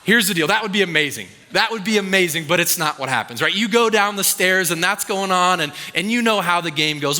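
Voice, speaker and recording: A man's voice: sits high, lively intonation, fairly quick, few pauses, bright, forceful tone, long reverb tail. A man preaching a conversational sermon in church. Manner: conversational, acts out quoted voices. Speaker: pastor.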